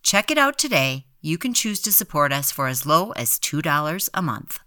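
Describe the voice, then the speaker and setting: A woman hosting a podcast, reading scripted narration and an appeal to listeners in a smooth, teasing way. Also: sits low, big pitch swings, moderate pace, bright, forceful tone, no room sound, clean studio sound. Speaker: podcast host. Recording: narration over faint background music.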